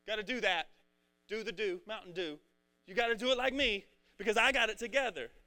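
Guy acting out a bratty older brother, high whiny voice, all "i was good". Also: a little fast, pushed and bright. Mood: smug. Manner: complaining, self-righteous. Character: whiny resentful older brother, young man.

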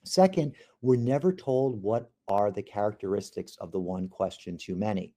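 A man giving a podcast lecture on courtroom technique, measured, with frequent fillers and restarts. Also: fairly low pitch, warm tone. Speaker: legal instructor.

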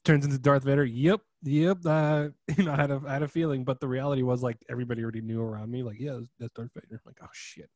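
A young man in relaxed conversation, swept up in retelling something and acting out his reactions at full volume. His voice sits at an ordinary pitch. It is recorded close and dry, with almost no room sound. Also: very fast, hardly any pauses, no room sound. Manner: animated storyteller, swings loud when acting out reactions. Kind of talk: casual chat.

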